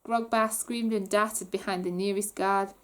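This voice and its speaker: A woman reading a children's book aloud with animated storytelling. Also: medium pitch, a little slow. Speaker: reader.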